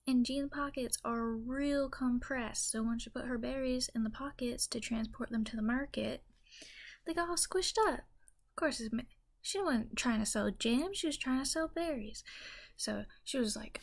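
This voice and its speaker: A woman with a Southern US accent telling a rambling mock-religious comedy story in a folksy, deadpan way. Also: on the high side, normal speed.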